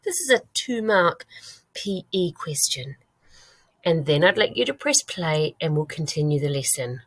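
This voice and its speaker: A woman with a British accent, a primary school teacher giving a recorded reading lesson with clear, patient instructions. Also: low-pitched, very animated, unhurried, dry recording. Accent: British English.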